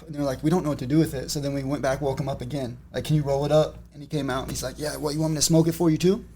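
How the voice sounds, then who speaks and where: A man as a podcast guest, telling stories in a relaxed, laid-back way. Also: fairly high pitch, rapid-fire, a little hiss or hum. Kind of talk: casual chat.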